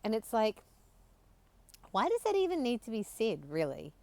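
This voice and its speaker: A woman's voice: a little high, wildly swooping pitch, moderate pace, vocal fry, warm tone, no echo. A woman co-hosting a podcast, talking in a thoughtful, musing way in casual chat. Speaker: podcast co-host.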